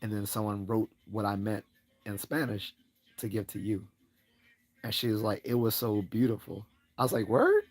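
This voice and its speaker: A livestream host with a darkish tone, little pitch movement, and a moderate pace tells a wandering personal story. He breaks into laughter regularly and lifts his voice to act out quoted lines.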